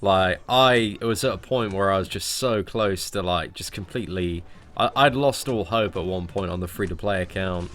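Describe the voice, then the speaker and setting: A man hosting a casual gaming stream, giving game advice in an animated way and often saying "mate". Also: sits low, moderate pace. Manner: animated, says mate a lot. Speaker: streamer and channel host.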